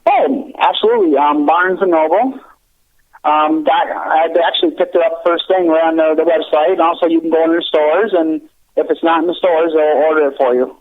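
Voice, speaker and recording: Earnest male author calling in by phone. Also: fairly high pitch. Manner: earnest, halting with many restarts. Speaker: children's book author, guest. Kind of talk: casual interview chat. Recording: tinny phone line.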